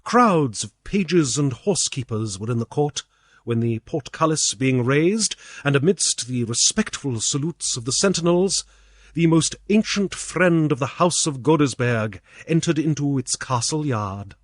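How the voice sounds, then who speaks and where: Narrating an old storybook as an audiobook reader, a British man reads in a measured, expressive way, his slightly high voice moving widely in pitch. The recording is dry and close, with no room sound.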